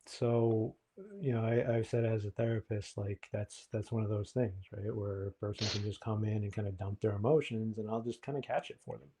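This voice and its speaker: A man's voice: on the low side, steady tone, normal speed, mellow, husky. A man, a therapist co-hosting a podcast, explaining things in a reflective, casual way with frequent ums.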